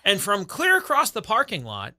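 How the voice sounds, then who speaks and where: A man co-hosting a morning radio show, teasing his co-host in casual banter and mimicking her yells. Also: sits high, wildly swooping pitch, moderate pace, dry recording, studio quality. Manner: teasing, mimics others with loud exaggerated yells.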